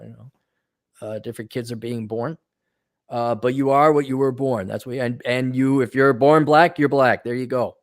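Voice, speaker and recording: A man's voice: medium pitch, moderate pace, no room sound, studio quality. A middle-aged man giving a blunt, sarcastic opinion monologue as a commentator. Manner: sarcastic and blunt, mocks in put-on voices. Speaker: commentator reading and reacting.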